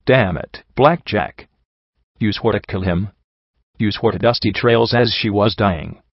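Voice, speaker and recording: A man's voice: lowish voice, unhurried, breathy edge, dry recording. A man voicing an angry grieving young male pony. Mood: furious. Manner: shouting, raw and bitter. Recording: dry, slightly dull home recording.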